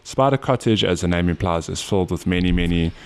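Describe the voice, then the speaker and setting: Nasal South African man in his thirties, fairly low voice, laughing podcast co-host telling stories. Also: fast, vocal fry, a little mellow. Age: 30s. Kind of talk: casual chat.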